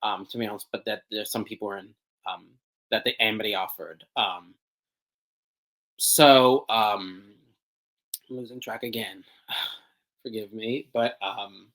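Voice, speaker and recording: A young man speaking as a podcast guest, talking casually and hesitantly with many pauses and restarts as he searches for words. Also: on the low side, fairly even intonation, fairly bright tone, low-quality recording. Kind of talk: casual interview conversation.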